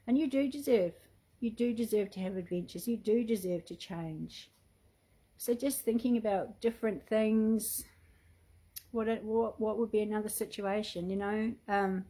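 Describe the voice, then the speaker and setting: A woman guiding listeners through a healing exercise, speaking in soft, repetitive, consoling phrases. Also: mid-range voice, unhurried, husky, low-quality recording. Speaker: spiritual healer. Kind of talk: guided healing talk.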